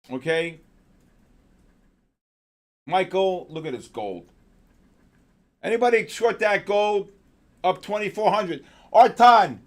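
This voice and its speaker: Sitting high in pitch, this man hosts a trading show, giving excitable live commentary on the market while exclaiming and greeting viewers by name.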